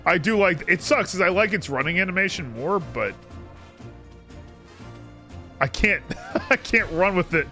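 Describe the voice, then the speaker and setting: A man streams a video game and comments casually, with joking, sarcastic asides. His voice is bright and ringing and swings widely in pitch. Faint game music plays beneath him. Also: lively intonation, a little slow, pauses often.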